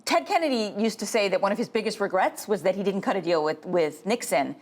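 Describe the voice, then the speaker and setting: Animated woman explaining health policy. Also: mid-range voice. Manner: explanatory, measured. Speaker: guest, health policy expert. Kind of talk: TV interview.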